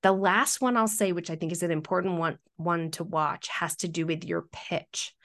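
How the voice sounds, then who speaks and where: A woman's voice: fairly low pitch, steady tone, moderate pace, a bit bright. A middle-aged woman, a workplace communication consultant, explaining practical speaking tips in a podcast interview.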